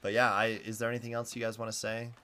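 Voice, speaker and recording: A man's voice: fairly low pitch, little pitch movement, fast talker, bright, forceful tone, a little hiss or hum. A man co-hosting a podcast in casual chat, talking with gushing enthusiasm. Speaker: podcast co-host.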